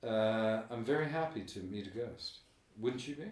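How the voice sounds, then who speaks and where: A middle-aged man hosting a podcast in a room of an old building, chatting in a rambling, animated way that often trails off. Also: fairly low pitch, moderate pace, distant mic. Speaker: podcast host. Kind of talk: casual podcast chat. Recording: roomy, from off the mic.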